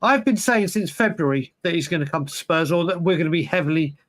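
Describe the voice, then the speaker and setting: A man's voice: on the high side, animated, quick pace, a bit bright. A man co-hosting a casual football podcast, rambling and emphatic with lots of restarts. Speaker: podcast co-host.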